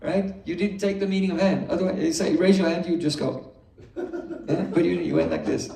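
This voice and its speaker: A man giving a morning scripture class to a live audience, explaining patiently with everyday examples and gentle humor. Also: high voice, fairly quick, gravelly, crowd noise. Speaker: spiritual teacher. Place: indoor hall with a live audience. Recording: echoey room, distant mic.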